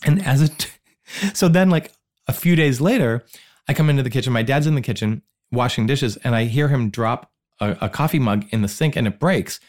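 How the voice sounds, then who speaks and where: A middle-aged man telling stories in casual chat as a podcast guest, animated and self-deprecating, often stammering and repeating words. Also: medium pitch, normal speed. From Boston area.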